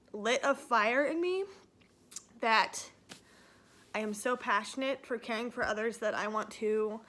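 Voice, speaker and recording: A young woman speaks in a casual personal vlog, tearful and halting as she pushes through the emotion. Her voice sits a little high and sounds bright and forceful, broken up by fillers and restarts. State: emotional, near tears. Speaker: nursing student sharing a testimonial.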